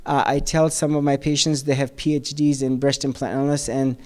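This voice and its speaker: A man, a surgeon, introducing a speaker at a seminar in a measured way with many hesitations. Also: medium pitch, level tone, a little mellow.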